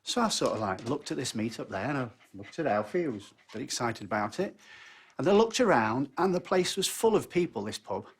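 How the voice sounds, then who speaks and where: Brief: man, husky, lively up-and-down pitch, joke teller. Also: brisk. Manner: chatty storyteller. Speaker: comedian. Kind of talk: telling a joke.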